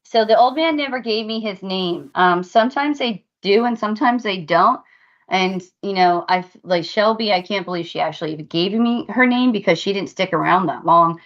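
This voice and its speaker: A woman's voice: medium pitch, moderate pace, fairly bright tone, dull audio. A woman co-hosting a paranormal podcast, earnestly recounting at length what spirits showed her. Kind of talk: casual podcast discussion.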